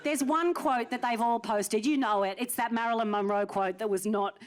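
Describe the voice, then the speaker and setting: A woman's voice: a little high, normal speed, a crowd in the background. A woman, doing live stand-up and teasing an audience member in a theatre. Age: early 40s. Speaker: stand-up comedian. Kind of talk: live stand-up with crowd work. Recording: noisy live theatre recording.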